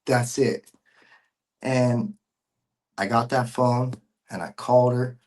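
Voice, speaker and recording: A man's voice: medium pitch, steady tone, slow pace, darkish tone. A man sharing a personal faith testimony as a podcast guest, earnest and emotional, with casual slang and frequent repeats.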